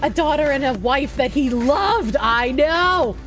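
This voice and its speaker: Woman streamer, high voice, very animated pitch, swears a lot, rambling chat, faint music behind. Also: a little slow. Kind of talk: casual live-stream chat.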